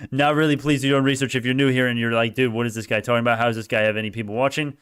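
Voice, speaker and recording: A man streaming live stock commentary, chatting with viewers, swinging between mumbled asides and loud cheering, arguing back at comments and laughing often. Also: mid-range voice, fairly even intonation, rapid-fire, hardly any pauses, smooth.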